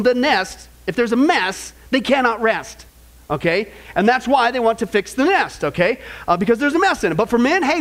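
A middle-aged man preaching a sermon on marriage, energetic and jokey, who keeps checking in with the crowd. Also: extremely high pitch. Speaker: pastor.

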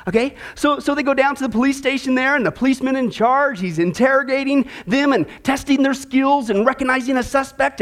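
A male pastor preaching a sermon, jovial and animated, telling a joke with many restarts and fillers. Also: extremely high pitch.

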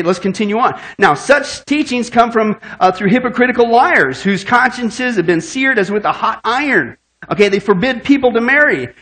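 A man's voice: sits high, fairly bright tone. A male pastor preaching a sermon, cracking jokes and quizzing his congregation with call-and-response questions.

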